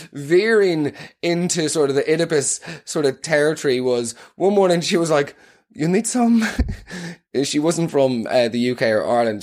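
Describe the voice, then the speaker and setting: A man's voice: a little high, a little mellow. A young man hosting a podcast, telling comic stories in a rambling, self-mocking way and laughing through them. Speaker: podcast host. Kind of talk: comedic storytelling.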